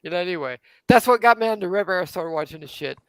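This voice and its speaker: A man in casual chat, telling stories with animated, acted-out quotes. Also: fast talker, clean tone, no room sound, poor audio. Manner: animated storyteller, jumps high acting out quotes.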